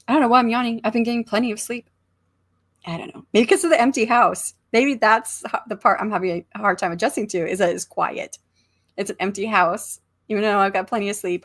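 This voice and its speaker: At a medium pitch, a middle-aged American woman runs a casual writing livestream from a room at home. As an author host, she chats in a rambling, think-aloud style and reads viewer comments out loud.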